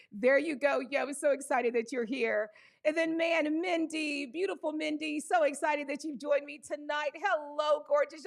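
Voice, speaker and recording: An exuberant woman hosts a live stream, calling out greetings to viewers with whoops and laughter. Her voice sits high, with a gravelly fry running through it. She talks casually, often saying "y'all.". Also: fairly bright tone. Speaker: livestream host.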